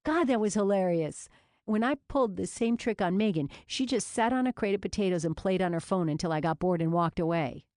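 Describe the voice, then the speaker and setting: A woman's voice: on the low side, sing-song, slow, few pauses, no echo, clean studio sound. A woman voicing a teasing young prankster cook in an audiobook, gleeful and mocking.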